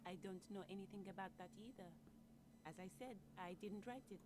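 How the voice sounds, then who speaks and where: A man voicing a timid, evasive middle-aged woman in a game, in a soft falsetto. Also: a little fast, natural voice, low-quality recording. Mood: meek. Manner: soft, falsetto, meek and defensive.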